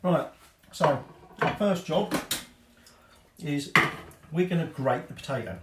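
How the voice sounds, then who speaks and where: This middle-aged home cooking host from England speaks slowly and expressively in a fairly high voice as he demonstrates a dish in his kitchen. He rambles casually and makes fun of himself along the way. The recording sounds roomy and carries heavy background noise.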